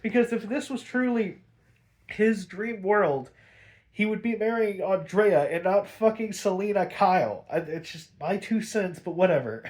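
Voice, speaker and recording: A man's voice: sits high, a little slow, a little mellow. Sniffly man rambling through a review. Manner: rambling, swearing, laughing often. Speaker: episode reviewer. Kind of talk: casual retelling and review.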